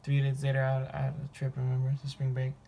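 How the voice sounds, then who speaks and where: A man's voice: mid-range voice, quick pace, vocal fry. A young man chiming in off to the side with brief corrections to the story. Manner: brief, flat interjections correcting details. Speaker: partner chiming in.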